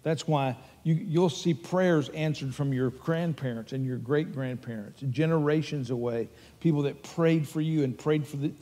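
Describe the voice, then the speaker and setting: A man's voice: a little high, moderate pace, hardly any pauses, warm tone, big-room sound. An older man with a Texan accent preaching a sermon as pastor, earnest and emphatic as he tells stories.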